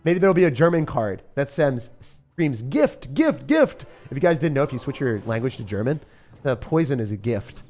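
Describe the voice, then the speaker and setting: A young man commentating his own live game stream in a jokey, excitable way, bursting into shouts and laughter. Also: mid-range voice, fairly quick, soft background music. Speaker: gaming streamer.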